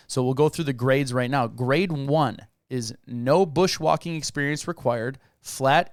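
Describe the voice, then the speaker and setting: A man's voice: mid-range voice, no echo. Man, podcast co-host, reading notes aloud, laughs easily, trips on words, dry close mic. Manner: reads facts aloud, laughs and stumbles over words. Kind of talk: casual podcast chat reading research.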